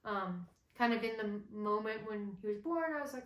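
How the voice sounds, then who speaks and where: A young woman telling a personal story to the camera in a relaxed, chatty way, with plenty of fillers. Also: mid-range voice, a little fast. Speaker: vlogger co-host. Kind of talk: casual storytelling chat. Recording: roomy echo.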